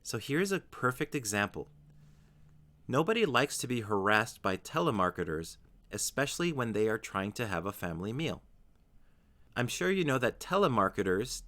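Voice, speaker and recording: A man with a fairly low voice gives a scripted English vocabulary lesson. His pitch rises and falls a great deal as he explains. He slows down on each example word so it comes through clearly. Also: fairly bright tone. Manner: slow, careful pronunciation of example words. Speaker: English teacher.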